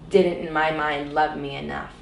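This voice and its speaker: A woman's voice: low-pitched, little pitch movement, normal speed, creaky, far from the mic, a little hiss or hum. A woman guest telling her personal story in an earnest, reflective way, often saying "you know.". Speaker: interview guest. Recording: roomy echo, voice a bit off-mic, faint background ambience.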